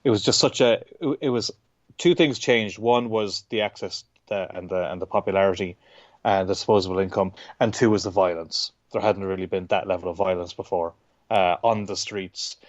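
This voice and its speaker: Rambling Irish man, low voice. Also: moderate pace, no echo, dull audio. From Ireland. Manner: rambling, self-interrupting, swears casually. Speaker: guest comic artist. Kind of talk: casual interview chat.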